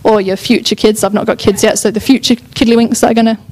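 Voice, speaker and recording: A woman's voice: fairly high pitch, level tone, fast, a little mellow. A young woman preaching a sermon in an enthusiastic, chatty way, often breaking off and restarting her thoughts. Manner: enthusiastic, chatty, self-interrupting.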